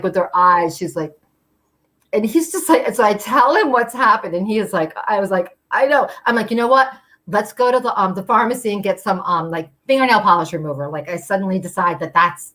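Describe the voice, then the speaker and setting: A woman spinning a personal story for a live storytelling show. She talks in a loose, chatty way, full of fillers, and jumps into the voices of the people she quotes. Her pitch sits in an ordinary middle range. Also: fairly bright tone.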